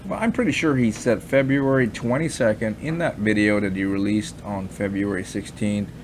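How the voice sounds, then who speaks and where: With a fairly low voice at a normal speed, a man vlogging about crypto offers rambling, skeptical commentary in a casual chat, using fillers, plenty of asides and a mocking tone. A little hiss or hum sits under the recording.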